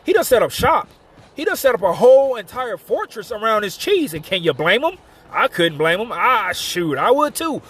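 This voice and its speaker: His voice is high-pitched and husky with a fairly bright tone, swinging widely in pitch at a normal speed. He's streaming a game live, casually chatting, telling a story between plays, and thanking viewers.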